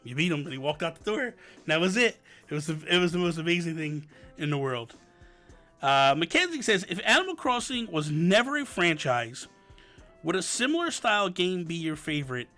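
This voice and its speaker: Lively, bright-voiced man hosting a stream. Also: on the high side, moderate pace. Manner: animated storyteller, acts out family dialogue. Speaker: livestream host answering viewer questions. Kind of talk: casual live-stream chat and storytelling. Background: light background music.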